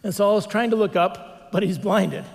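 A man's voice: high-pitched, normal speed, vocal fry. A man preaching a sermon as pastor, telling stories with animation and acting out the quotes. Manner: animated storytelling, acts out quotes. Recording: long reverb of a large hall.

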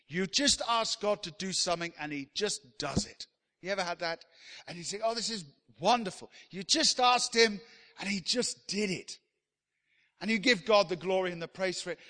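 A man preaching a sermon with passion, often rising to loud, emphatic appeals. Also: high voice. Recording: long reverb of a large hall.

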